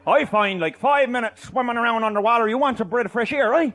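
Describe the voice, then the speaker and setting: An older man telling a comic tall tale, boisterous and loud, often laughing as he talks. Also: very high voice, fast talker. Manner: boisterous, often shouting and laughing mid-sentence. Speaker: storyteller.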